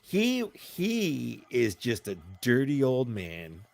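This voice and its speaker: A man in a relaxed chat with a gravelly, creaky voice at middling pitch. He tells stories easily and trails off into laughter, heard up close on a dry mic. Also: takes it slowly, dry recording. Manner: laid-back storyteller, trails off with laughs. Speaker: guest. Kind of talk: casual chat.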